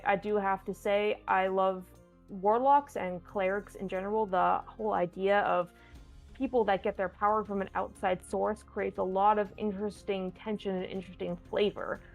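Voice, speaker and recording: A woman with a mid-range, gravelly voice stands in as host of a live tabletop game stream. She answers viewer questions playfully in casual, chatty live-stream talk, rambling and restarting often.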